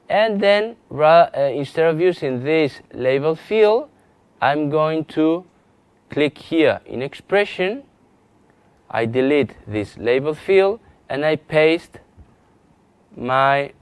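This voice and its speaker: A man with a Spanish accent leads a hands-on software lesson at an unhurried pace, pausing and restarting as he clicks through each step. His voice is smooth and clear, recorded dry and close with little room sound. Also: a little high, no room sound. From Spain. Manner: halting, many restarts and fillers while demonstrating on screen. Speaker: GIS instructor. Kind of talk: live software training lesson.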